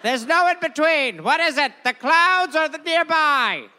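A man's voice: very high-pitched, animated, bright, forceful tone. A man co-hosting a comedy podcast, riffing with jokes and improvised bits. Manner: jokey, quick improvised bits and laughter. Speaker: podcast co-host.

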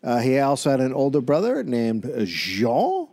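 A man's voice: mid-range voice, huge pitch swings, a little slow, mellow. A man co-hosting a comedy podcast, telling a history story in a casual, offhand way with crude asides.

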